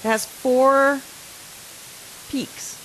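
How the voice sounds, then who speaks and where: A woman's voice: high voice, fairly even intonation, drawn-out words, a little hiss or hum, low-quality recording. A woman speaking as a park service official, giving an earnest talk and quizzing her audience. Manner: asks audience questions, earnest and conversational.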